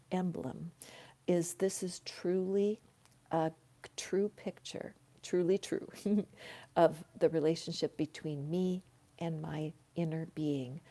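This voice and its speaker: An older woman with a low voice hosts a live tarot stream from her home. She talks slowly and gently, often dropping into a hushed whisper as she reads the cards. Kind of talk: live tarot reading, casual spiritual talk. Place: her home, with her dog nearby. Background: a dog barking at times.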